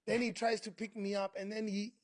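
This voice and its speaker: Animated South African man telling a story. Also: sits high, fairly quick, dry recording. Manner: acts out other people's voices, laughing while telling. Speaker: interview guest.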